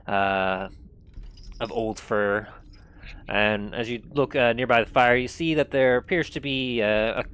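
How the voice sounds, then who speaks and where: A man narrating as game master of a tabletop role-playing game, setting scenes in an unhurried, descriptive way. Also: lowish voice, bright, forceful tone, clear, resonant tone.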